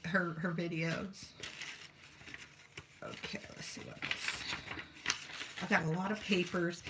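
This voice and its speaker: A woman's voice: on the low side, background noise. A woman talking casually as she works on art journals at her craft table, rambling and talking to herself as she goes. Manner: rambling, chatty, talks to herself while working. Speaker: craft vlogger.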